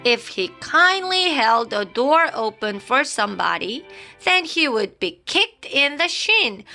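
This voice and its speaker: Animated woman reading a children's story. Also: high-pitched, slow pace. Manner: dramatic, with playful sound effects. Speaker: storybook reader. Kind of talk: expressive children's story read-aloud. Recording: faint background music.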